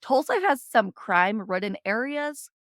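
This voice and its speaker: A woman's voice: a little high, expressive, normal speed, no echo. Woman narrating a true crime podcast, dry mic. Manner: reads case notes, then chats with emphatic agreement. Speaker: podcast co-host.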